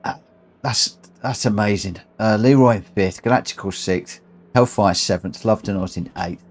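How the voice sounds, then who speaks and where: A man streaming a racing game to his viewers, breathless, excited and heartfelt as he reads out the results. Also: on the low side, normal speed. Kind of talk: live game commentary. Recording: clear background noise.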